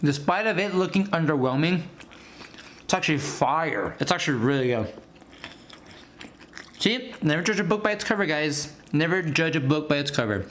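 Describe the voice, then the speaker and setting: A man's voice: a little high, lively intonation, normal speed, long pauses, a bit bright, a little hiss or hum. Chatty man eating on a food vlog. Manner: chatty, talks to viewers as "guys" while eating; eats between lines with food noises. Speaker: food and movie vlogger. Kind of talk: casual mukbang chat and movie review.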